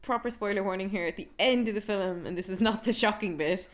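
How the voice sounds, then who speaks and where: An Irish woman co-hosting a podcast, chatting casually and with strong opinions about a film. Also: mid-range voice. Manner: talkative, opinionated, quick asides. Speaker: podcast co-host. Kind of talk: casual film review chat.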